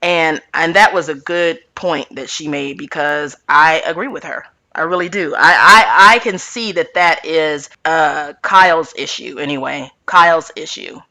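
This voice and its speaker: A woman chatting through a reality TV recap in a sassy, animated way, talking straight to her viewers. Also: sits low, a little slow.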